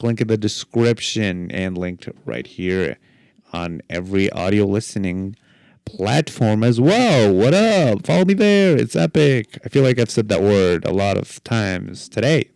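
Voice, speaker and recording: A man's voice: fairly low pitch, moderate pace, a little mellow, clean tone, no echo. A young man hosting a podcast on his own, telling rambling stories with jokes and self-deprecating asides. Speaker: podcast host. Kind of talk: solo podcast chat.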